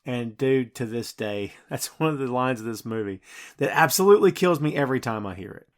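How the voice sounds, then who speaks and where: A man's voice: mid-range voice, expressive, a little fast. A man hosting a podcast and recapping a film scene by scene in casual, enthusiastic chat full of fillers. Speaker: podcast host.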